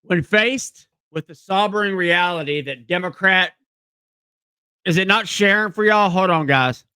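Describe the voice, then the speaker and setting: Southern man, high bright voice, smooth and dry, stumbling live-stream reading. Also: unhurried, no room sound. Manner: stumbling reading aloud, apologetic asides. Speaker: live stream podcast host.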